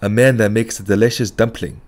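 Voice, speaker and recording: A low-voiced man puts on a stubborn, fretful older mother in this audiobook. She scolds and insists, her voice lifting well above the narrator's own. It is storybook reading, not full acting. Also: steady tone, fairly quick, a little mellow, close to an everyday voice. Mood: sad.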